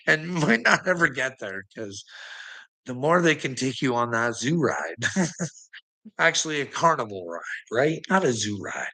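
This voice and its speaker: A man's voice: a little high, pushed and bright, rough recording. A man delivering a profane, rambling rant, swearing constantly and breaking into laughter between phrases. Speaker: online commentator.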